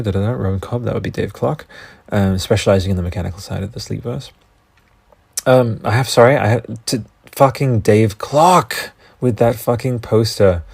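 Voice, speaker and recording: A man hosting a podcast alone, talking in a casual, excitable and profane way and drifting off on tangents. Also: lowish voice, creaky, breathy edge, no room sound. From Australia. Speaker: podcast host. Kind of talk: casual solo podcast rambling.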